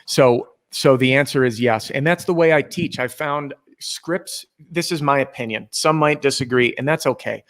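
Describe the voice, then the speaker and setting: A man's voice: medium pitch, moderate pace, few pauses, fairly bright tone. A man who coaches sales, talking as a podcast guest in a confident, explanatory way. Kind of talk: casual interview talk.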